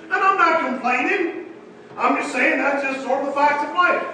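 A man's voice: extremely high pitch, moderate pace, sharp tone, very echoey, recorded from a distance, slight background noise, low-quality recording. A man preaching a sermon in a folksy, emphatic way, often repeating his phrases, in a church meeting room.

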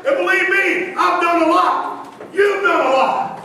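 A man preaching a sermon, swinging from loud, drawn-out lines to hushed, softly spoken quotes. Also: very high voice, slight background noise. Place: church sanctuary. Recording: echoey hall heard from a distance.

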